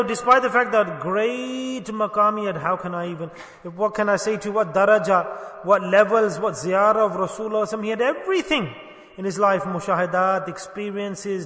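Male preacher, high bright voice, storytelling sermon that swells to emphatic cries, long hall reverb. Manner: storytelling, rising to emphatic exclamations. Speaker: Islamic preacher.

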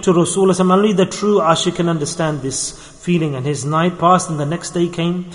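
A man telling a story as a sermon, passionate and rising to anguished pleas, then dropping to soft, hushed asides. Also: fairly high pitch, brisk, big-room sound. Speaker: preacher.

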